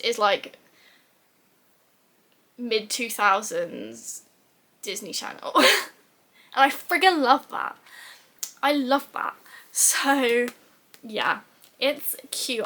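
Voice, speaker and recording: A young woman vlogs about books in a casual chat, her voice on the high side, pushed and bright. She fills her review with fillers and giggles.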